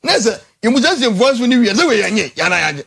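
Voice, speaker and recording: A Ghanaian man hosting a morning talk show, debating animatedly and repeating words as his pitch jumps. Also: big pitch swings, fast talker, gravelly, a bit bright, breathy edge. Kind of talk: animated studio debate in Twi and English.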